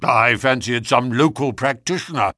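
A man's voice: mid-range voice, normal speed, pushed and bright, dry recording, studio quality. Man voicing a hearty older country colonel. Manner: genial, matter-of-fact storytelling.

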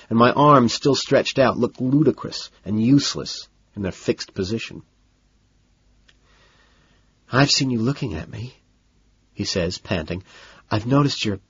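A man narrating a novel in the first person with a cool, measured, low-key delivery. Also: slightly rough, dry recording, highs cut off. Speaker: audiobook narrator.

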